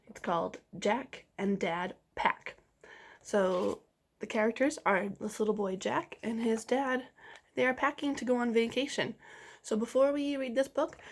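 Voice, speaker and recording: A woman teacher giving a slow, clear phonics lesson to young children, sounding out each letter and inviting them to repeat. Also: fairly high pitch.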